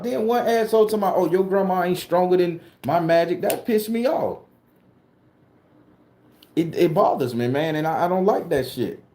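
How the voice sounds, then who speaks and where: A man from southern Florida rants to camera in a heated, profane, blunt way. His voice sits fairly high for a man but sounds dark and mellow, and the echoey room rings around it. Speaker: spooky-story vlogger and tarot reader. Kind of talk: casual ranting monologue to camera.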